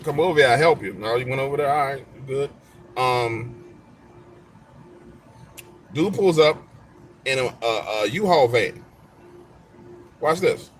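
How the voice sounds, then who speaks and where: A man's voice: mid-range voice, a little slow, pauses often. A man in casual live-stream chat, trash-talking viewers and telling stories in loose slang.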